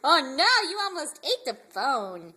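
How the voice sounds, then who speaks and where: A woman's voice: high-pitched, very animated, measured pace, bright, forceful tone. A mother in baby talk to her infant, doting and sing-song with frequent laughter, filmed indoors at home on a handheld phone. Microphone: handheld phone camera.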